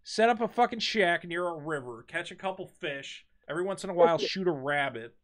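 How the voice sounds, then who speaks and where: High bright-voiced riffing man. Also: fairly quick. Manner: riffing, animated, swears a lot. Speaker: streamer hosting a charity stream. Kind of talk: casual comedic chat.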